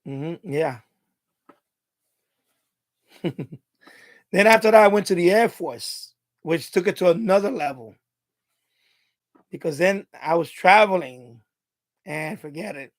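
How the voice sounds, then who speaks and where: A man's voice: high-pitched, slow pace, long pauses, no room sound. A middle-aged man hosting a live stream, telling stories in a rambling, casual way, laughing often and repeating himself. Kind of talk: casual storytelling monologue.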